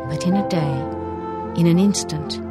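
A woman narrating a storybook in a measured, gentle reading voice. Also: fairly low pitch, over loud music.

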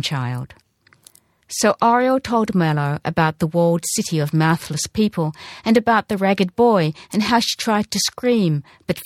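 A woman narrating a storybook in a measured, gentle reading voice. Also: lowish voice, no room sound, studio quality.

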